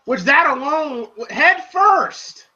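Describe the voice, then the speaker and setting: A movie reviewer giving a casual spoken review, excitable and profane, retelling scenes in long run-on recaps. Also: high voice, slow, muffled recording.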